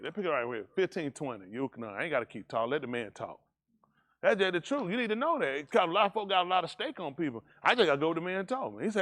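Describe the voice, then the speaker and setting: Fast, fiery preaching man. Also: on the high side, very animated. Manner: loud, emphatic, quick preaching with call-and-response. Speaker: pastor. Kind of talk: preaching a sermon.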